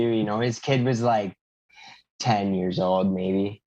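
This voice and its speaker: A man's voice: lowish voice, steady tone, measured pace, a little mellow. A young man co-hosting a podcast in casual chat, laid-back and often adding "you know what I mean". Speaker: podcast co-host. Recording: dull lo-fi podcast audio.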